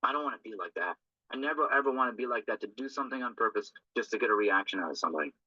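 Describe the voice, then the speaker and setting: A man's voice: medium pitch, animated, very fast, pushed and bright, no echo. A man talking earnestly and loosely through a recovery text, often checking in with a tag question. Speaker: recovery group speaker. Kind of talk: informal talk on a recovery text. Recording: dull lo-fi dry recording.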